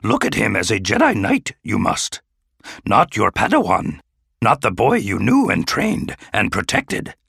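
A man's voice: lowish voice, huge pitch swings, measured pace, vocal fry, fairly bright tone, slightly rough, no echo, clean studio sound, exaggerated voice. A man voicing an ancient, small Jedi master who speaks firmly in backwards word order. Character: ancient small green Jedi master, stern, inverted speech.

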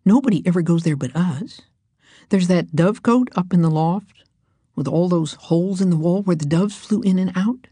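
A woman voicing an eager, gentle young girl who speaks softly in a high, breathy voice. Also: moderate pace, dry recording.

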